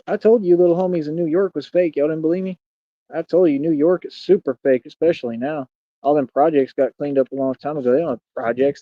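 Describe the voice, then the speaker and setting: A man's voice: a little high, no room sound, muffled recording. A man in his thirties hosting a livestream, ranting boastfully and confrontationally at his critics. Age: 30s. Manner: boastful, confrontational, talks fast. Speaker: streamer and radio show host. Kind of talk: livestream rant.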